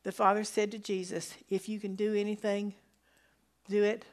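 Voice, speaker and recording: A woman gives a sermon-style Bible teaching in a mid-pitched voice. She reads scripture slowly and with weight, then lifts her voice for emphatic declarations. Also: little pitch movement. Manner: slow, emphatic scripture reading with rising exclamations.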